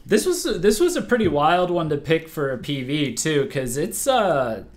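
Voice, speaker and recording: Hosting a music listening livestream, a sleep-deprived young man chats casually in a sing-song voice that sits on the high side. His speech is halting, full of fillers and restarts.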